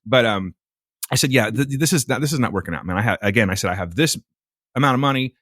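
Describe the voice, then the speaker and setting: A man's voice: medium pitch, quick pace, no room sound, clean studio sound. A man co-hosting a podcast, telling a story in a casual, exasperated way with plenty of swearing. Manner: profane, exasperated, animated storytelling. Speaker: podcast co-host.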